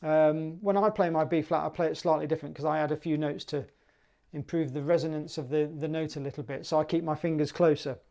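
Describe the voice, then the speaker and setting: A woman's voice: low-pitched, fairly even intonation, fast talker, gravelly, dark tone. A woman teaching clarinet for a music exam, upbeat and chatty, singing rhythms aloud.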